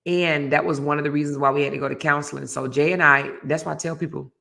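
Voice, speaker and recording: A woman hosting a casual chat show, telling a story with animated energy and reading out viewer comments. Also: low voice, fast talker, gravelly. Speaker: host.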